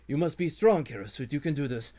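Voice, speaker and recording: A man's voice: on the high side, animated, quick pace, a little mellow. A man voicing a jittery little male kobold lizard-man who frets, pleads and barks orders. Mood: fretful. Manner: fretful, pleading, bossy.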